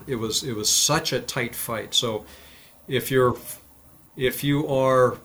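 A man, a former fighter pilot, telling stories in a casual interview and acting out the voices in them. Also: medium pitch. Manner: animated, acts out quoted dialogue.

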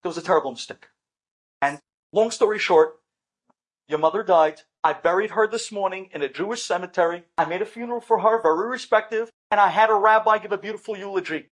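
A man's voice: high-pitched, a little fast. A man voicing a frantic middle-aged son who fires off incredulous questions. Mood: apologetic.

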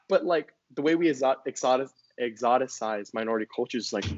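A young man from Hawaii talks openly in a casual conversation, laughing easily and slipping into playful voices when he quotes people. His voice sits at an ordinary pitch. The recording is dry and a little dull. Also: fast, few pauses, dry recording. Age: young adult. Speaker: student.

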